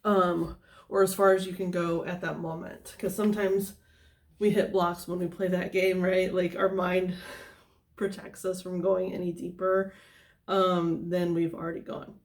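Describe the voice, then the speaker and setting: A woman talks through a tarot reading in a loose, meandering monologue, with plenty of "like" and "um" as she goes. Her voice sits a little on the low side. She drifts off on tangents and then comes back to the cards. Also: flat delivery, measured pace. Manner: rambling, many fillers and tangents. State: somewhat out of breath. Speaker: tarot reader.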